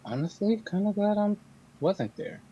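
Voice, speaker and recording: A man's voice: high-pitched, animated, moderate pace, mellow, muffled recording, a little hiss or hum. A man playing a tabletop game, joking in character in a drawling way. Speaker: tabletop player. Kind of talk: casual in-character tabletop role-play.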